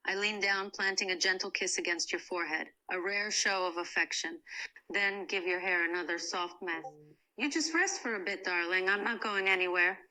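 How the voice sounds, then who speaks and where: Woman voicing a proud woman, soft and bright. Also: on the low side, low-quality recording. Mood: tender. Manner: soft, slow, soothing. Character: cold, proud woman softly comforting a crying friend. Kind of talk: first-person comfort role-play narration.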